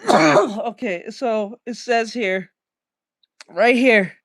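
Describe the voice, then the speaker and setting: A woman's voice: on the high side, very slow, no echo. A woman reacting to a clip, swearing and laughing a lot as she comments. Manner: loud, profane, laughing often. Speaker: reaction streamer.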